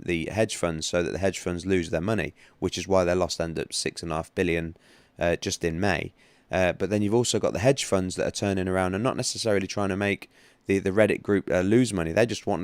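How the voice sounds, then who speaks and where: Male streamer, deep voice, dry close sound, loose chatty delivery. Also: clear, resonant tone, no room sound. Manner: rambling, chatty, many restarts and fillers. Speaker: livestream host, trading analyst. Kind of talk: casual livestream chat.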